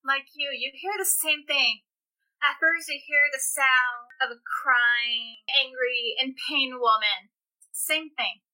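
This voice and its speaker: A woman's voice: high-pitched, slow pace, sharp tone, low-quality recording. A woman narrating a tabletop role-playing game as game master, describing scenes in a descriptive way and often laughing.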